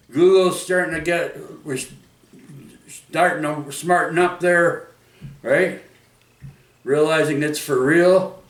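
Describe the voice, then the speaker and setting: Recorded indoors at home and well away from the mic, a Vancouver vlogger's slightly high voice comes through slow and echoey. He rambles through casual stories, restarting frequently and peppering in "oi" and "right?".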